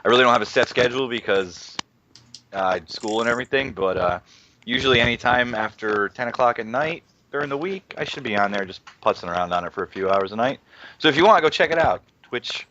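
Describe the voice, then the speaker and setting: A man's voice: mid-range voice, expressive, brisk, pushed and bright, a little hiss or hum. A young man in his twenties co-hosting a gaming podcast, laid-back and swearing casually. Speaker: podcast co-host. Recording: dull dry mic.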